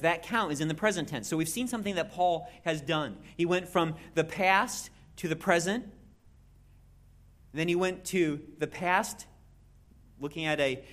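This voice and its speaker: A preacher giving an expository sermon in an animated way, with jokey asides and frequent restarts. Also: mid-range voice, moderate pace.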